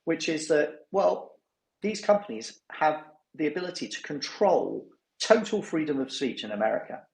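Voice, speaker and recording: A man hosting a casual podcast chat, talking in an animated way and acting out what others said. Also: a little high, normal speed, vocal fry, roomy sound. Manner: animated, mimics others in quotes. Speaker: newsletter host.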